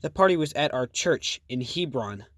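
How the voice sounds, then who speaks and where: A man doing a quick, eager young girl. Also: medium pitch, expressive, a bit bright, dry recording, clean studio sound, lightly acted. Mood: earnest. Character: quick-thinking young girl narrator, talking fast.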